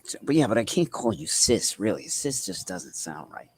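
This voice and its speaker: A man's voice: on the low side, big pitch swings, normal speed, breathy edge, dry recording. A man with a New England accent hosting a live trading stream, bantering casually, swearing freely and reading chat messages aloud. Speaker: livestream trading host.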